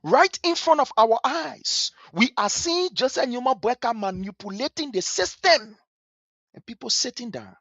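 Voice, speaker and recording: Scornful Liberian man, lively delivery. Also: very high voice, normal speed, no echo. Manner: scornful and emphatic, repeats phrases for effect. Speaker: political commentator. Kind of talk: impassioned political commentary. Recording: dull lo-fi stream audio.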